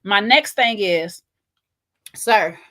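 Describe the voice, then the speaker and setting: A woman hosting a casual reality-show recap, ranting and animated, with slang-filled conversational talk. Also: mid-range voice, very slow. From not Jamaican, Belizean family ties.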